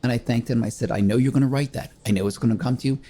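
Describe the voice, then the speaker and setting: A man's voice: medium pitch, steady tone, racing, warm tone. An older man, a grieving widower, hosting a reflective talk on grief in an earnest, conversational way, retelling little anecdotes. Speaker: host.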